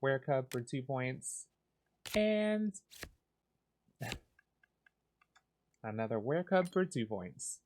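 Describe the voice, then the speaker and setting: A man giving calm, soft, unhurried commentary as he plays a cozy game for sleepy listeners. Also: medium pitch, a little hiss or hum. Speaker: gaming channel host.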